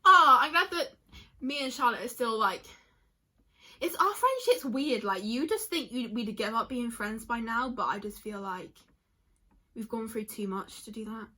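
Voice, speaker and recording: A young woman talks in a loose, rambling vlog style, reading answers aloud and welling up easily. Her voice is bright and a little breathy, slightly high for a woman. Faint music sits underneath. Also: expressive. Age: young adult. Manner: chatty, rambling, quick to tear up. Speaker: vlogger.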